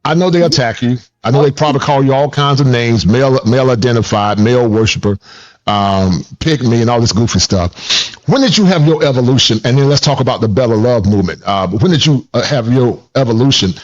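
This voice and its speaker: A man's voice: medium pitch, brisk. Emphatic man talking in a lo-fi recording. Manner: animated, repetitive, emphatic. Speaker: therapist and host. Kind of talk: casual conversation.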